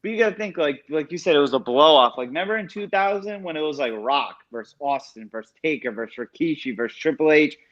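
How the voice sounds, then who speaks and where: A man's voice: on the high side, fast, hardly any pauses, fairly bright tone, dull audio. A man co-hosting a wrestling podcast, chatting casually and leaning on "like" a lot. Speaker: podcast co-host. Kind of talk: casual chat.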